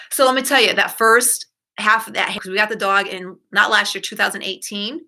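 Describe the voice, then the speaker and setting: A woman's voice: mid-range voice, bright, forceful tone. A middle-aged woman hosting a self-help talk, chatting in a rambling, self-correcting way and acting out quoted lines in a shifted voice. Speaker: self-help podcast host. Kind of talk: casual solo talk.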